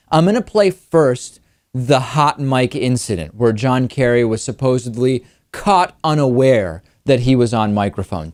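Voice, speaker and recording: A man's voice: medium pitch, darkish tone, dry recording. A man hosting a political talk show, giving emphatic, argumentative news commentary. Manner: emphatic, argumentative, quickens when pressing a point.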